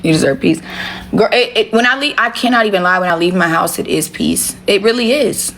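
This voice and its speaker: A woman's voice: medium pitch, a little fast, a bit bright, slight background noise. A woman talking casually and bluntly to viewers on a phone livestream from her home, with plenty of swearing. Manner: blunt, profane, talks straight to viewers. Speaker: livestream host.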